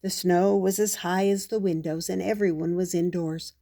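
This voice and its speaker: An older woman, a grandmother, reading a children's storybook aloud in a slow, gentle way. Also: on the low side, fairly even intonation.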